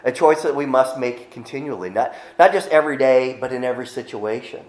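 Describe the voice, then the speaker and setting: A man's voice: mid-range voice, brisk, a little mellow, reverberant. A male pastor preaching a conversational sermon, with joking asides to the congregation.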